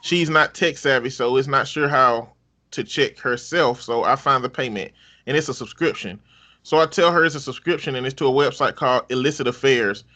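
Male host, bright forceful voice, wry and profane story reader. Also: medium pitch, fairly quick. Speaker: podcast host reading online stories. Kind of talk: casual story reading.

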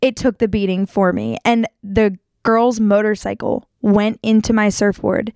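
Animated woman telling a story, clear dry voice. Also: measured pace, no room sound. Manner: animated, jumps to high pitch acting out quotes. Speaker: podcast host. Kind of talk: casual storytelling.

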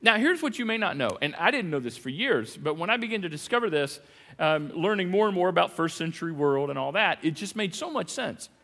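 A man preaching a sermon as pastor, animated and playful, swinging between loud emphasis and hushed lines. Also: high-pitched, a little fast, gravelly, big-room sound. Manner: playful, jokey asides.

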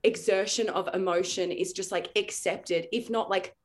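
Woman podcast guest, mid-pitched, agreeable and reflective. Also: fairly even intonation. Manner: thoughtful, agreeable, builds points slowly. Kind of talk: casual chat.

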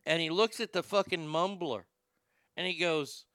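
Man, stand-up storyteller, animated and profane, slightly high voice. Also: moderate pace, clear, resonant tone, no echo, studio quality. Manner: animated, profane, acts out other people's lines. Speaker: stand-up comedian.

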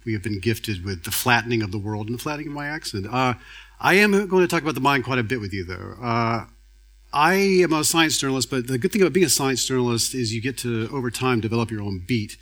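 A man's voice: mid-range voice, expressive, fast talker, a bit bright. A man giving a public lecture as a science journalist, conversational and acting out quoted speech.

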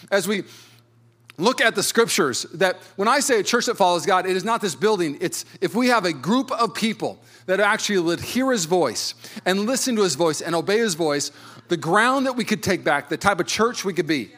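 A pastor in his thirties preaching a sermon with a fairly high, light voice. He talks in a conversational, storytelling way and pokes fun at himself. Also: animated, moderate pace, a bit bright. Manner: conversational, storytelling with self-deprecating humor.

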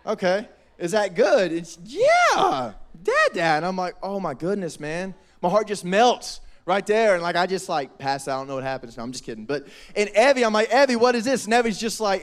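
A young man, preaching a lively, joking youth sermon. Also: high-pitched. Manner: animated, joking, quotes people in voices. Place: church hall.

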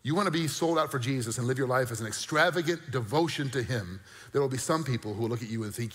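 A male pastor delivering an animated sermon, with bursts of mock disbelief and a conversational, joking aside. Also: mid-range voice, fast, in a large hall. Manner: animated preaching with mock-incredulous outbursts.

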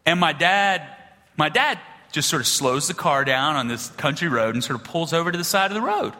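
Man, pastor, sermon in a big reverberant hall; bright, lively pitch, animated storyteller. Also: a little fast. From small-town rural upbringing. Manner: animated storytelling, swings between loud punchlines and hushed low passages.

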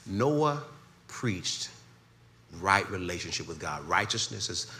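Preaching man with a bright, animated voice. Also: low voice, takes it slowly. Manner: builds to shouting climaxes, call-and-response. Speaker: pastor. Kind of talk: sermon.

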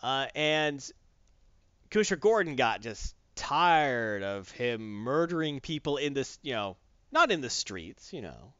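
A man in casual chat, retelling a comic story in a rambling, animated way with lots of fillers. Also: mid-range voice, unhurried, smooth, no room sound, muffled recording.

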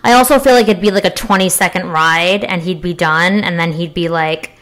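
Young female co-host, loose filler-heavy banter, slightly low voice. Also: fairly quick, a bit bright. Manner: chatty, filler-heavy, frank and joking. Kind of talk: casual crude chat.

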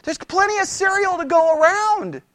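A Bible teacher giving a conversational sermon, animated and exasperated, who mocks his opponents in raised voices. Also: very high-pitched, normal speed, no echo, studio quality.

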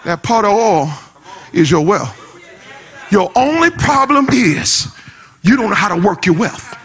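A man preaching a sermon in a shouting, sing-song cadence, repeating phrases and calling out to the congregation in a folksy way. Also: sits high, big pitch swings, measured pace, husky. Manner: folksy, repetitive call-outs to the congregation.

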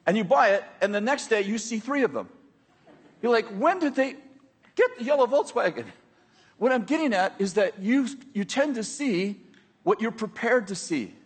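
A man with a high, husky voice preaches a sermon to his congregation. He talks in a conversational way, checking in with the room and slipping in jokes between points. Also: expressive, moderate pace, long reverb tail. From United States. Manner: conversational, joking asides with the congregation. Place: church hall with a congregation.

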